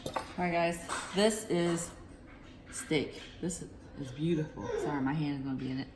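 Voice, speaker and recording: A woman's voice: low voice, normal speed, background noise. A woman hosting a casual cooking vlog, chatting to her viewers as she plates and tastes food. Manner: chatty, addresses viewers as guys. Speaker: cooking vlogger.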